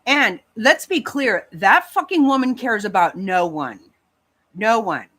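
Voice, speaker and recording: Profane woman livestream host, heated rant, very lively pitch. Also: measured pace. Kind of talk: angry casual rant to chat.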